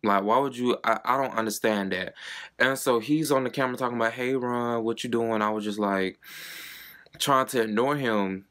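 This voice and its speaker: A man's voice: mid-range voice, moderate pace, fairly bright tone. A young man, telling a personal story to camera in a chatty, dramatic way with plenty of swearing. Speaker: vlogger. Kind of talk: casual storytime monologue.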